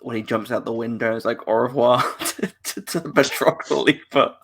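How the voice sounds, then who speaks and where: A man from Britain, a guest in a casual review chat, chatty and quick to laugh. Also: medium pitch, a bit bright.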